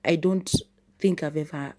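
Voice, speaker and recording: A woman voicing an offhand, friendly adult man in her own low voice. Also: fairly even intonation, normal speed, darkish tone, no room sound, close to an everyday voice. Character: adult male stranger, friendly, matter-of-fact.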